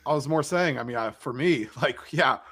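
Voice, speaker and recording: A man co-hosting a casual sports podcast, teasing and lively. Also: medium pitch, brisk, slightly rough. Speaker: podcast co-host.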